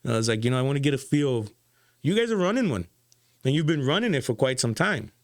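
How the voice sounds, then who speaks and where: Animated storytelling man. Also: mid-range voice, fast talker, no room sound, clean studio sound. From Massachusetts. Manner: animated storyteller, acts out quoted dialogue, restarts often. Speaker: guest, former city council candidate. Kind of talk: casual talk show conversation.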